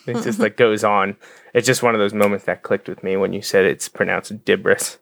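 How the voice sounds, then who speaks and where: A man with a lowish voice chats casually as a podcast co-host. He rambles and trips over his restarts. The sound is close and dry. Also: level tone, moderate pace, gravelly, a bit bright, no room sound. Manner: rambling, self-correcting, stammers on restarts. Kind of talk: casual chat.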